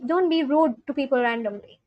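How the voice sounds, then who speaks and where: A young woman livestreamer chats casually with her viewers in a high, brisk voice, answering chat with loose, filler-heavy talk that swings between scolding and reassuring. The recording is muffled, with no room sound.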